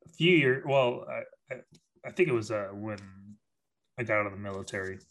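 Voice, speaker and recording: A man's voice: lowish voice, expressive, brisk, fairly bright tone. A man on a casual podcast telling a road story, laughing and swearing freely. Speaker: podcast co-host.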